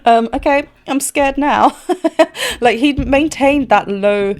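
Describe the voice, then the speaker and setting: A woman's voice: high voice, slow. Chatty woman vocal coach reacting. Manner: chatty, scatting melodies and laughing. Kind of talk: casual reaction commentary.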